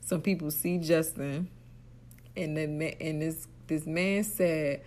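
A woman from Atlantic City co-hosting a podcast in casual chat, telling stories in quick, animated bursts. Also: sits low, slight background noise. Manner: animated storyteller, quick bursts and frequent laughter. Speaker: podcast co-host.

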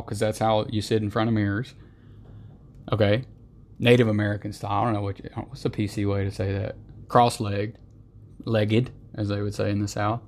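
A man hosting a podcast who rants in an emphatic, exasperated monologue. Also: on the low side. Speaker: podcast host. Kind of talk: ranting monologue.

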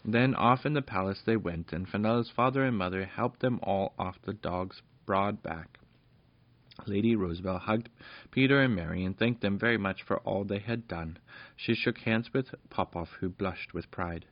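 A man reads a children's fairy story aloud, homely and chatty, now and then turning to the listener. His voice is low, and the close, dry recording sounds dull and lo-fi. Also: moderate pace, dry recording. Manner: warm, homely reading with asides.

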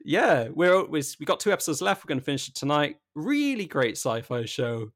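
A man's voice: a little high, sing-song, fairly quick. Jokey, chatty man on a podcast. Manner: chatty, jokey, self-interrupting. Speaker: podcast co-host. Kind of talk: casual chat.

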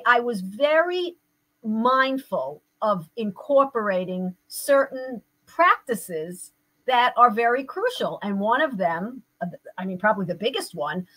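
An older woman with a slightly higher voice speaks as an interview guest. She tells her personal story in an earnest, reflective way, like a therapist sharing her own experience. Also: lively intonation, a little slow, fairly bright tone, poor audio.

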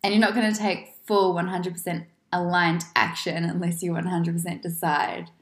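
A woman's voice: lowish voice, steady tone, moderate pace. An upbeat woman co-hosting a casual podcast. She chimes in with affirmations and keeps the mood light. Her voice bounces around an echoey room. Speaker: podcast co-host. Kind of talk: casual chat.

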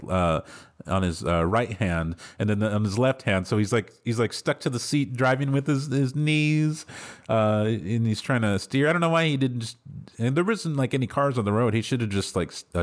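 A man hosting a casual film review podcast, laughing often as he retells scenes. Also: medium pitch. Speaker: podcast host.

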